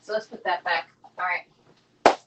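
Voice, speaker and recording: A middle-aged woman chats quickly and warmly through a live cooking stream. Her voice sits a little low, and she rattles on, answering viewers as she cooks in her home kitchen. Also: steady tone, muffled recording, heavy background noise. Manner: fast-talking, chatty, reads viewer comments aloud. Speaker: livestream cooking host. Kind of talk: casual live cooking chat.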